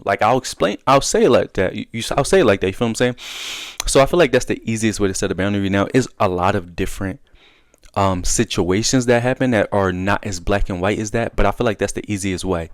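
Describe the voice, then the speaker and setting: A young man speaking in a casual, animated way, giving advice and acting out bits of dialogue. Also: fairly low pitch, quick pace, dry recording. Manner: animated, conversational, acts out dialogue. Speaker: self-help video host.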